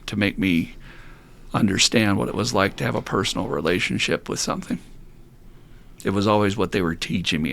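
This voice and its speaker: A middle-aged man talking casually on a recovery podcast, blunt, animated and laughing often as he swears freely. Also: lowish voice. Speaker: podcast host.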